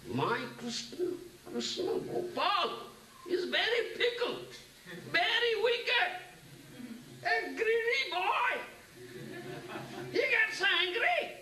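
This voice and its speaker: Devoted old village father, slow and lively in pitch, voiced by a male lecturer, echoey distant room. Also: exaggerated voice. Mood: earnest. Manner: slow pleading tone, repeated "huh?" checks. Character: elderly village father, devoted, simple, doting. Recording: echoey room, distant mic, faint noise.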